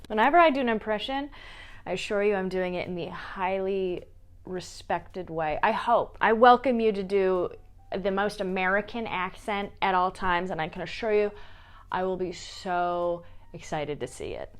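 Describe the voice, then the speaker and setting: A woman's voice: mid-range voice, normal speed. Playful woman chatting about her books. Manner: playful, jokey asides while showing books. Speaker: book vlogger. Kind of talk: casual chat.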